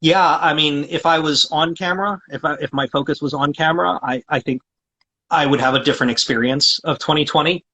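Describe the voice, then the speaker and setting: A man's voice: fairly high pitch, a little fast, pushed and bright, husky, poor audio. A man being interviewed as a guest voice actor, chatting casually and talkatively, often restarting his sentences with fillers.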